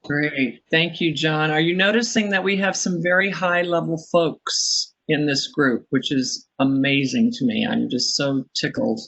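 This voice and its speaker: A woman's voice: low-pitched, unhurried, hardly any pauses, a bit bright. A woman hosting a video-call mentoring meeting, introducing each guest with effusive, chatty remarks. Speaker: meeting organizer. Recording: muffled video-call audio.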